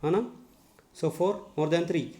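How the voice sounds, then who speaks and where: A male English teacher giving a lesson, spelling words letter by letter and repeating each one slowly. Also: a little high, warm tone. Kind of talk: classroom lesson on syllables. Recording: echoey room.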